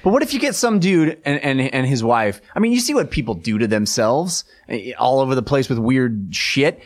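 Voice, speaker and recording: Male co-host, earnest and halting, animated intonation. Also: mid-range voice. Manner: earnest, hesitant, laughs often. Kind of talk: casual chat.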